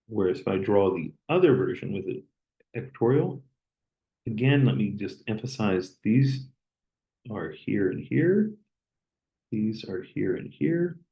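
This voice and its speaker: A man lecturing, explaining step by step as he draws and pausing on an occasional "okay". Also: fairly low pitch, warm tone, lo-fi sound. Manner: plain, step-by-step explaining with okays. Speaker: chemistry lecturer. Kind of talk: recorded lecture while drawing.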